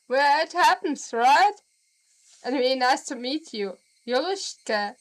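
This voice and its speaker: A woman's voice: sits high, animated, low-quality recording. A woman with a German accent reading a visual novel aloud on stream and chatting with viewers. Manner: slow, deliberate reading with laughs and asides to chat.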